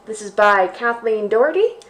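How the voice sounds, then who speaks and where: A woman hosting a library storytime for children, reading a picture book aloud in an expressive, sing-song way. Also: a little high, moderate pace, slight background noise.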